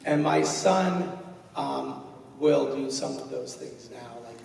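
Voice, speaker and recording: A man in his forties with a mid-range, darkish, creaky voice speaks slowly, far from the mic, with a little hiss or hum. As a convention panel guest, he answers a fan's question in a huge, echoey hall, joking at his own expense and rambling with plenty of fillers.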